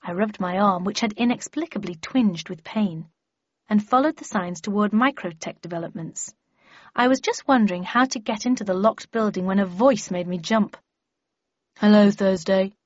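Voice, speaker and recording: A woman's voice: mid-range voice, moderate pace, dry recording. Woman audiobook narrator, wry and understated, dry close sound, slightly muffled. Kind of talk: first-person audiobook narration.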